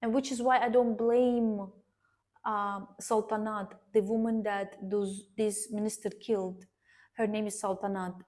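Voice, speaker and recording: A woman earnestly recounting a personal story to her viewers, addressing them directly and pausing to restart her sentences. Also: medium pitch, little pitch movement, darkish tone. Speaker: vlogger sharing a personal story.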